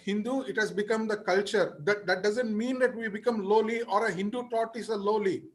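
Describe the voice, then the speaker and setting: Man, high voice, earnest, pleading, video call. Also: steady tone, fairly quick. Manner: pleading, earnest, apologetic when interrupting. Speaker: discussion participant. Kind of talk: earnest religious discussion.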